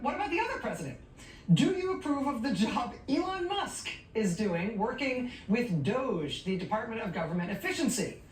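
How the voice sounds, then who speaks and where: A woman hosting a news show, reading out poll results in a rapid question-and-answer rhythm, with wry, sardonic asides. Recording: roomy, distant sound with faint rumble.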